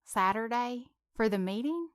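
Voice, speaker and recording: Woman reading as a shy, flustered young woman, stammering, smooth clear voice, audiobook. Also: on the high side, animated, moderate pace, dry recording, studio quality, voice pushed up, natural voice. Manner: stammering, hesitant.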